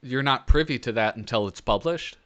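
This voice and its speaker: A man's voice: medium pitch, brisk, fairly bright tone, dull audio. A man hosting a casual interview. He laughs along and chimes in with short agreements and questions. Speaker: interview host.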